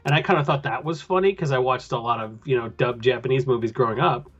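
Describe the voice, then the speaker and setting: A man's voice: mid-range voice, fast talker, husky, dull audio. A man chatting casually about a film as a podcast host, rambling with lots of filler. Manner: rambling, loose with filler words. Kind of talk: casual chat.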